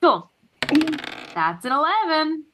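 Bright, laughing woman player. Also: high voice, big pitch swings, slight background noise, low-quality recording. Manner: laughs easily, talks in quick bursts. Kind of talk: casual chat at a tabletop game.

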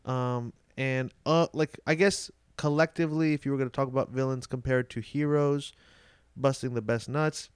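A man's voice: medium pitch, fairly even intonation, normal speed, clear, resonant tone, no echo, clean studio sound. A man co-hosting a comedy podcast, teasing his partner, laughing often and arguing playfully. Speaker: podcast co-host. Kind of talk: casual comedic chat.

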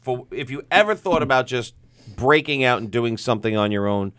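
A man co-hosting a comedy radio show in easy, joking banter. His voice swings widely in pitch as he mocks himself. The studio sound is dry and close. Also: animated, a little fast, a bit bright, smooth, no room sound. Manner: wry, self-mocking, laughs often. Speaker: co-host.

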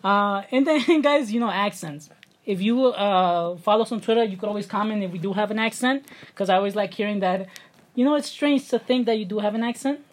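A woman's voice: mid-range voice, fairly quick. A young New York woman with a thick local accent chats on a podcast, loose and unscripted. She laughs a lot, swears freely and keeps turning to her listeners as guys. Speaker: podcast co-host. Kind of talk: casual chat.

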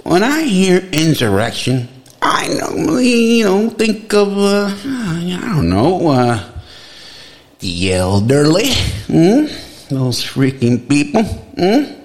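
Excitable heckling man, lively pitch. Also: slow. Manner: excitable, loud exclamations, heckling. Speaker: comedy video host. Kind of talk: mocking comedic commentary.

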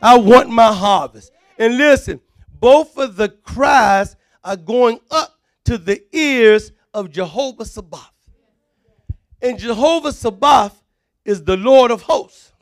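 A man preaching a fervent sermon, often shouting and calling on the congregation to respond. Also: extremely high pitch, slow pace.

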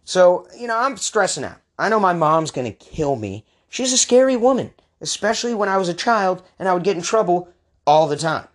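A man in his thirties telling a comedic personal story in an animated, casual, slangy way. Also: high voice, brisk.

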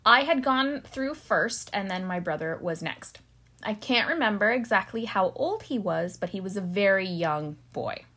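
Bright-voiced British woman telling stories. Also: mid-range voice, lively intonation. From Britain. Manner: giggly storyteller, quick asides. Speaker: podcast co-host. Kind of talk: casual chat.

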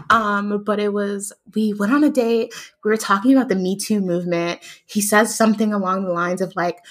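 A woman's voice: medium pitch, normal speed. A young woman co-hosting a podcast, chatting casually and telling a story with frequent laughs. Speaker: podcast co-host. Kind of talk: casual chat.

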